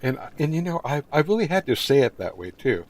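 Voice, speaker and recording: A man's voice: on the high side, very animated, brisk. A middle-aged man streaming a game and chatting casually, rambling and making crude jokes.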